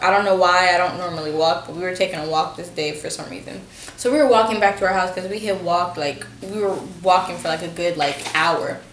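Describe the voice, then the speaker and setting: A young woman in casual chat with her sister, chiming in with quick reactions and jokes. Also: lowish voice, a bit bright, echoey room, slight background noise, poor audio. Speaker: co-host sister.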